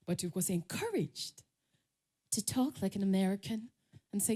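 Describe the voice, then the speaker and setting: A middle-aged Nigerian woman with a Nigerian English accent, giving a lively storytelling talk as a conference speaker. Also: mid-range voice, moderate pace, pauses often. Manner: lively, laughs often, acts out quotes.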